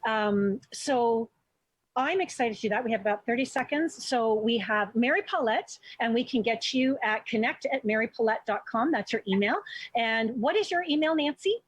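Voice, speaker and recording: A woman's voice: fairly high pitch, expressive, normal speed, breathy edge, no echo. A woman hosting a talk show, chatting with enthusiasm and plenty of animation. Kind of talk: casual talk show chat.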